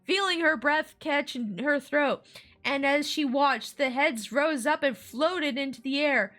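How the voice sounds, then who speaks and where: A woman's voice: high voice, measured pace, a bit bright. A woman streamer reading a scary children's story aloud in an ASMR stream, with playful asides.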